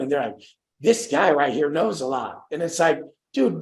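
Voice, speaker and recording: A man's voice: fairly high pitch, moderate pace, echoey room, rough recording. A young man hosting a group coaching call, brash and swearing, acting out the voices of people he quotes.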